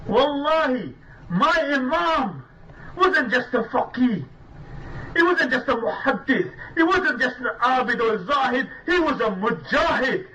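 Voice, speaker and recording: A male preacher tells a sermon as a story, earnest and emphatic, and he drops Arabic religious terms. His voice sits very high and sounds bright. He is caught on a distant, dull-sounding mic with a faint hiss of ambience behind him. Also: very animated, measured pace. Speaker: Islamic preacher.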